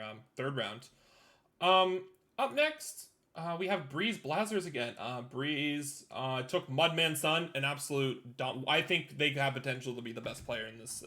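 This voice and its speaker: A man's voice: medium pitch, bright, forceful tone. A young man hosting a live-streamed esports draft, talking with frequent ums and uhs. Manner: hesitant, many ums and uhs. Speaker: draft host and team owner.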